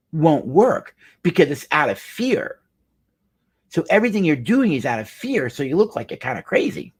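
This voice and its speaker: A middle-aged male marriage counselor recounts a client story, earnest and emphatic, often repeating phrases to give them weight. His mid-range voice carries a breathy edge.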